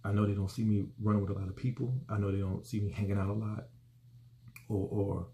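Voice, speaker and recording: Deep gravelly man musing earnestly. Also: little pitch movement, quick pace, warm tone, a little hiss or hum. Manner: rambling, earnest, repeats words. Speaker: host. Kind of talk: casual personal reflection.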